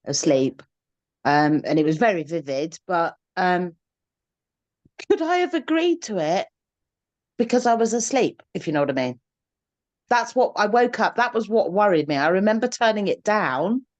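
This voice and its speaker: A woman speaks hesitantly on a talk show, with her pitch rising and falling a lot. The sound is dry and close to the mic. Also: very animated, normal speed, pauses often, a little mellow, dry recording, highs cut off. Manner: hesitant, full of ums. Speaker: caller. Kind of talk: casual chat.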